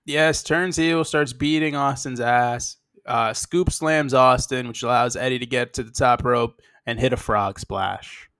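A man's voice: medium pitch, steady tone, a little slow, few pauses, fairly bright tone, clean tone, no echo. Laid-back man recapping wrestling, dry sound. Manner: laid-back, joking, play-by-play retelling. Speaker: podcast co-host. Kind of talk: casual recap chat.

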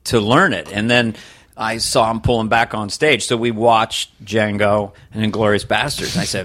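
A man's voice: on the low side, normal speed. A male comedian as an interview guest, chatting casually and swearing. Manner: animated, swearing, slips into impressions.

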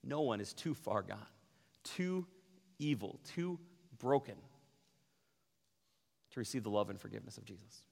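A man preaching a sermon as pastor, animated, often acting out quoted voices. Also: lowish voice, measured pace, vocal fry, pauses often. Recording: long hall reverb.

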